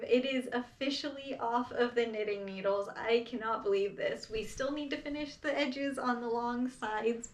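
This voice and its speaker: A young woman vlogging casually at home about her knitting, chatty with plenty of fillers and little laughs. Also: sits high. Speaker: crafting vlogger. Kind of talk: casual vlog chat.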